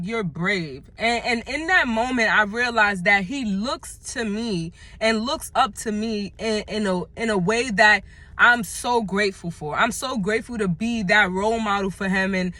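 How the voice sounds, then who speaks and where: A woman talking candidly in a personal vlog, halting and reflective, emotional as she searches for words. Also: medium pitch, bright, forceful tone, no echo. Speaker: vlogger.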